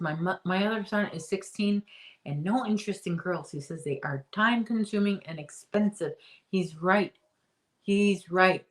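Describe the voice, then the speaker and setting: Low-voiced chatty woman host. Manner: chatty, rambling, reads out viewer comments. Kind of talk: casual live-stream chat.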